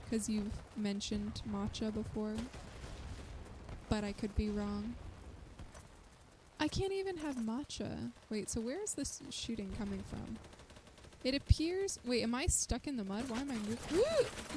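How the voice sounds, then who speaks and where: Woman streamer, slightly high, excitable gameplay commentary, yelps, game noise underneath. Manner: excitable, yelps and chatters to viewers while playing. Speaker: immunologist streamer. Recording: loud game noise behind voice.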